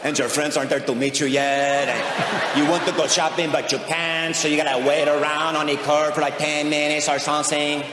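A man's voice: a little high, little pitch movement, moderate pace. A man doing stand-up, telling a sarcastic story about his family. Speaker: comedian. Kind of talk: stand-up comedy. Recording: echoey hall, audience noise.

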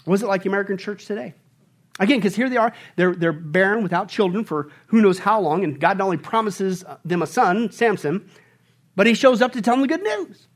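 A man preaching a sermon as a pastor, swinging between loud outbursts and hushed, whispered lines. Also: high-pitched.

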